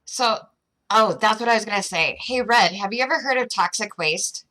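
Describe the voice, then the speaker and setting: A woman's voice: mid-range voice, moderate pace, sharp tone, poor audio. A woman hosting a casual livestream chat, chatty and playful with frequent giggles. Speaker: host.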